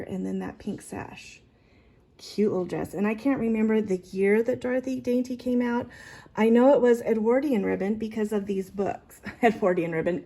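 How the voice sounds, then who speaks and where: A woman talks through her collection in a casual show-and-tell, excited and rambling, often breaking off to restart a sentence. Her voice is mellow and dark, with a breathy huskiness and a gravelly edge of fry at the ends of phrases. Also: mid-range voice. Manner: chatty, excited, trails off and restarts. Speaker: vintage collector showing items.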